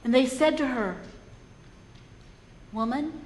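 A woman's voice: sits high, lively intonation, a little slow, fairly bright tone. A woman preacher retelling a story in a sermon, earnest and reflective, often repeating words as she goes. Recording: echoey hall.

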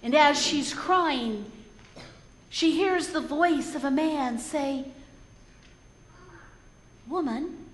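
A woman preacher with a high voice speaks slowly as she retells a story in her sermon. She's earnest and reflective, often repeating words, and the recording has the echo of a hall.

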